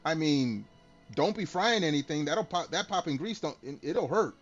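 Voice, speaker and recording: A man with a high, very lively voice chats loosely with his live-stream audience, cracking jokes and cursing freely. The audio is dull and lo-fi, with faint music playing underneath. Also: normal speed. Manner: joking, laughing, swears freely. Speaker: streamer talking to chat. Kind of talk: casual live-stream chat with viewers.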